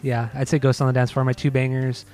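A relaxed man co-hosting a casual podcast, talking at an ordinary pitch. He laughs easily and drops the odd curse as he ranks songs. Faint music plays behind him. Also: fast talker. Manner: laid-back, laughs often, swears casually. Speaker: podcast co-host. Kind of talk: casual chat.

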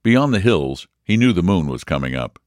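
Deep-voiced man narrating a story. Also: no echo, clean studio sound. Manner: measured, expressive reading. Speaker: audiobook reader. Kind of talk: scripted narration.

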